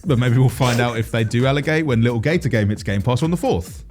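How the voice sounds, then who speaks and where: A man's voice: medium pitch, fast talker, darkish tone. A man co-hosting a gaming news show, presenting scripted game news with playful jokes and asides. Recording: faint music behind.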